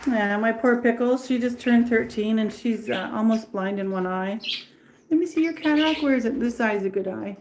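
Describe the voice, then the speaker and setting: Chatty lady rambling on a livestream, birds squawking loud behind her. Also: a little high, fairly even intonation, moderate pace, few pauses. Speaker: pet channel host. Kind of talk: casual livestream chat. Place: indoor bird room. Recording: clear bird noise in the background. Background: birds chirping and squawking.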